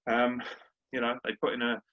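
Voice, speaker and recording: A man's voice: medium pitch, monotone, normal speed. A young man, a podcast co-host in casual sports chat, brash, sweary and ranting. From Britain. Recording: dull lo-fi audio.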